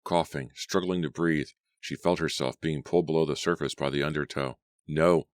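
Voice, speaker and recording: Very deep-voiced man narrating horror. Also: steady tone, dry recording. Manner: slow, suspenseful reading. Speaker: audiobook narrator.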